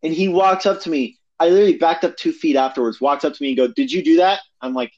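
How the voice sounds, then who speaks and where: A man's voice: on the high side, fast, darkish tone, muffled recording. A man chatting casually, blunt and mocking, often laughing. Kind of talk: casual chat.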